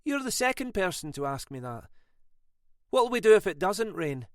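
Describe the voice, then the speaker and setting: A man voicing a brisk woman driver who is dry, teasing and firm. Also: high-pitched, very animated, fairly bright tone, clean tone, no room sound, voice pushed up. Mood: wry, firm.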